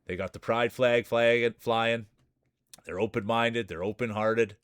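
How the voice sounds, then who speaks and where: A Saskatchewan man in his forties, small-town accent, hosts a live marble-race stream with rambling, hyped announcer talk and chat. His mid-range voice is steady, measured, a bit bright, clear and resonant, captured dry at studio quality.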